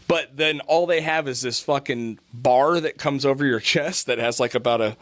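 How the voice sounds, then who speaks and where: A middle-aged man hosting a podcast, telling a story in casual chat with animated delivery, lots of swearing and laughter. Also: medium pitch, normal speed. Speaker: podcast host.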